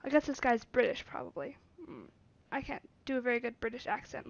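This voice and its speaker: High-pitched woman streamer, relaxed. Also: a little fast, gravelly, dry recording. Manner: relaxed, reads story lines with bursts of louder acted quotes. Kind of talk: casual let's play, reading game text aloud. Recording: slightly muffled stream audio with faint noise.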